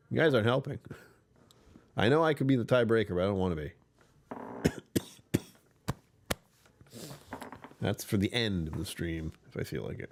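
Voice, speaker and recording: Worn-out guy with a low rumbly voice, joking around on a livestream, lots of laughs. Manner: chatty, joking, often laughing. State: tired. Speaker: livestream host. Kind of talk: casual livestream chat.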